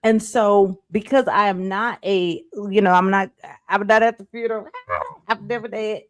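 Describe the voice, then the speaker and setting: A woman in her thirties talks casually about faith and feelings as a life coach. Her voice sits mid-range and turns animated, repeating phrases for emphasis. The sound is dry and close. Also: medium pitch, moderate pace, no room sound. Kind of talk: casual faith-based talk.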